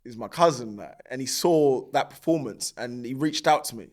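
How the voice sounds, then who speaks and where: A man's voice: medium pitch, moderate pace. A man, a podcast guest telling his story in loose, slangy talk and acting out the dialogue he quotes. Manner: animated, acts out quoted dialogue with a raised voice; loose, filler-heavy street slang.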